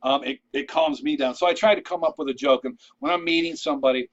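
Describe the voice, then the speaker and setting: Speaking quickly and expressively with a creaky, slightly high voice, this vlogger rambles through practical networking tips to camera. He drifts into asides, restarts himself and keeps asking "all right?", and the recording is a little dull and lo-fi.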